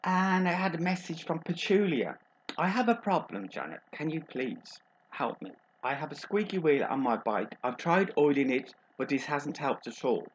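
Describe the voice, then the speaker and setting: A man's voice: on the high side, highs cut off, slight background noise, natural voice. A man doing a gossipy Brummie agony aunt. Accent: Birmingham. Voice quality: gossipy, innuendo-laden, calls people darling. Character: chatty middle-aged female agony aunt. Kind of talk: comic advice show monologue.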